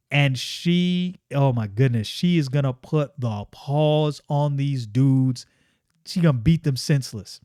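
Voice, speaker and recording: A man's voice: medium pitch, unhurried, mellow, no echo, clean studio sound. A man reviewing a comic book in casual, enthusiastic commentary, often repeating phrases for emphasis.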